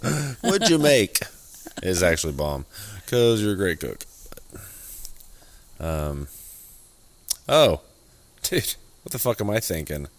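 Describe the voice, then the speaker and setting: A man with a very deep voice that moves around a lot in pitch, chatting casually with his co-host. He swears freely and cuts in with details. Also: expressive, slow pace, long pauses, no echo. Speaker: podcast co-host. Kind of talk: casual chat.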